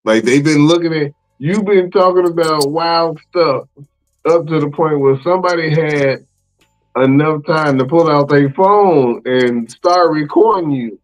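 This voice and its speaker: A man hosting a podcast in casual chat, animated and slangy, exclaiming and laughing often. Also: a little high, measured pace, soft background music, rough recording. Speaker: podcast host.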